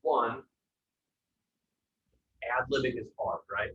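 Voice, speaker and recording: A man's voice: mid-range voice, slow, bright, forceful tone, echoey room, recorded from a distance, highs cut off. A man coaching sales trainees, direct and confident, often checking in with "right?". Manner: direct, keeps asking "right?". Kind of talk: coaching feedback.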